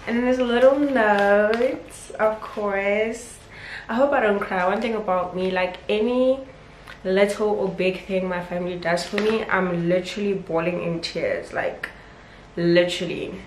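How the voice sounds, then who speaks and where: A woman's voice: mid-range voice, fairly even intonation, unhurried. A young woman, chatting casually and emotionally in a home vlog. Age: 20s. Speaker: vlogger. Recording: roomy with faint background noise.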